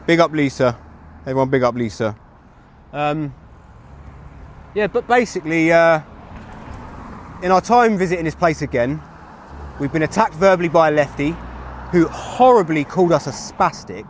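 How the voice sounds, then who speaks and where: With street traffic humming in the background, an English man in his thirties livestreams outside and rambles to his chat over a phone mic. He has a fairly high voice and lively intonation, speaking at normal speed and pausing often.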